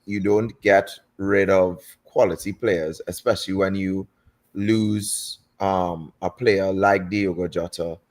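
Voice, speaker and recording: A man co-hosting a football fan stream, talking casually in halting, rambling sentences. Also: low-pitched. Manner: rambling, halting, with many fillers and restarts.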